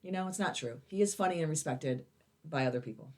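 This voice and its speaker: A woman's voice: low-pitched, lively intonation, fast talker. A middle-aged woman, a comedian co-hosting a podcast, blunt and teasing in casual chat. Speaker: comedian co-host.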